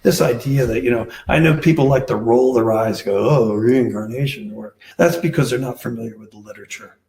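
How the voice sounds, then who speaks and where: A man's voice: mid-range voice, fast talker, a little mellow. A man answering questions on a panel as a researcher, talking hesitantly with many filler sounds. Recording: echoey room.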